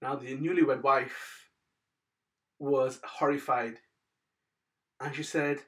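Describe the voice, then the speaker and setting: A man, hosting a daily channel and telling a moral story with religious advice in a casual way, often calling his listeners "guys" and letting his phrase ends fall soft. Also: medium pitch, fairly even intonation, slow, pauses often, recorded from a distance. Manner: chatty, says "guys" often, trails off softly at phrase ends.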